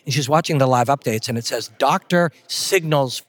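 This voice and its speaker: A man's voice: medium pitch, fast, no echo. A middle-aged man from Canada, a guest telling stories in an interview, emphatic and blunt with salty language. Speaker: guest, fight commentator. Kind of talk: casual interview storytelling.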